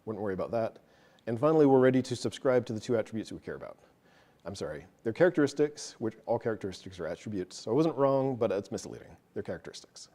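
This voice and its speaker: Mellow-voiced man walking through code. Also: lowish voice, expressive, fast talker. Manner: casual, self-deprecating, explains step by step. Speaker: meetup presenter. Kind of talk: live technical walkthrough of code.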